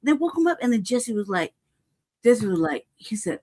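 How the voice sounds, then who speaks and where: Her voice is mellow and mid-range, with lively intonation and a moderate pace, as she angrily relates events. The talk is casual and heated, laced with profanity, emphatic stresses, and frequent "right?" and "cuz".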